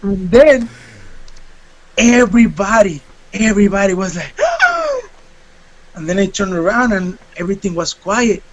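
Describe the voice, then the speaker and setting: A man, a fighter being interviewed, telling a story in a casual, animated way and acting out what people said. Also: sits high, normal speed, background noise. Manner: animated, acts out quotes.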